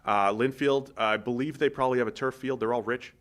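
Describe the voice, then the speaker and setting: A man's voice: medium pitch, steady tone, brisk. A man co-hosting a sports podcast in casual, joking chat, rambling with restarts. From Massachusetts. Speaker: podcast co-host. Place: podcast studio.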